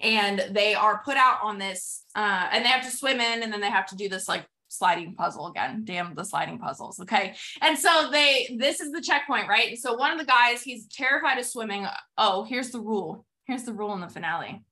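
A woman's voice: medium pitch, fairly quick, hardly any pauses, sharp tone. A young adult woman hosting a motivational podcast, retelling a TV episode with acted-out quotes and drawing lessons for sales teams. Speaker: podcast host and sales coach.

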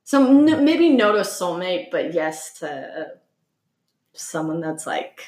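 A woman's voice: lowish voice, very animated, slow, a little mellow, reverberant. A young woman co-hosting a casual podcast chat, chatty and giggly. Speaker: podcast co-host.

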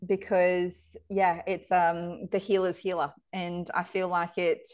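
An Australian woman telling stories in a casual interview chat, animated and laughing often, with excited squeals. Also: lowish voice, slow. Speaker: psychic medium and shop owner, podcast guest.

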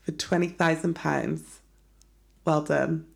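A woman's voice: sits low, fairly even intonation, slow pace, vocal fry. A woman co-hosting a podcast, chatting casually with a laid-back manner and lots of fillers. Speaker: podcast co-host. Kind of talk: casual chat.

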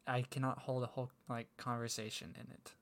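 A man's voice: mid-range voice, little pitch movement, brisk, a bit bright, slight background noise. A man chatting casually on a podcast, rambling and interrupting himself as he tells a story. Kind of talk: casual chat.

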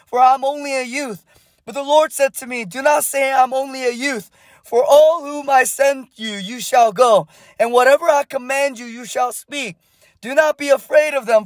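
A man preaching a sermon with passion, building to shouted prayer and prophetic declarations. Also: very high voice, moderate pace, dry recording.

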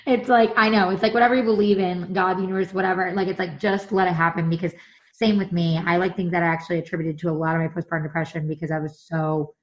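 A woman in her thirties, co-hosting and chatting casually, speaks with a fairly low pitch at a quick pace. She's a chatty, animated storyteller who acts out what other people said.

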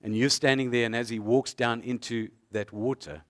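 A man's voice: medium pitch, steady tone, moderate pace, few pauses. A man preaching a sermon as a pastor, painting vivid scenes through repeated rhetorical questions.

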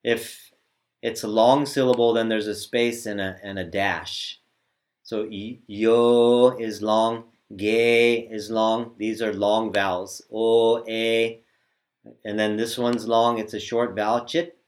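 Patient male teacher, slightly low voice, walks learners through sounds with halting restarts. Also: flat delivery. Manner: patient, hesitant, demonstrates sounds aloud. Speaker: Sanskrit recitation teacher. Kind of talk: step-by-step pronunciation lesson.

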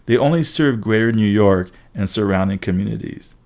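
A man's voice: on the low side, moderate pace, a little mellow, lightly acted. A man voicing a confident teenage girl who speaks in a matter-of-fact way.

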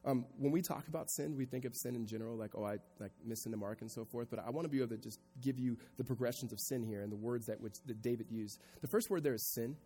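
A pastor preaching a sermon to a congregation, moving from quiet reflection to raised, emphatic delivery. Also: male voice, mid-range voice, quick pace, few pauses, husky, long reverb tail. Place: church sanctuary before a congregation.

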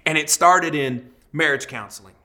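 A man in his thirties, a pastor, preaching a sermon and telling a personal story in a lively storytelling way. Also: fairly high pitch, moderate pace. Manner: storytelling, animated, acts out quoted voices.

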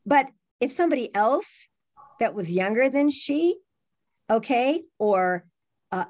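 A middle-aged woman talking in a casual chat, animated, with many restarts and fillers. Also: fairly high pitch, unhurried, long pauses. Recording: dull lo-fi sound.

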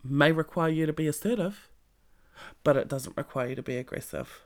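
A creaky, gravelly voice delivers a blunt motivational monologue, swearing freely and pressing the listener with direct questions. The pitch sits in a middle register, and the delivery stays emphatic and plain-spoken throughout. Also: fairly quick. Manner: speaks straight to the listener with pointed questions. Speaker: self-help vlogger.

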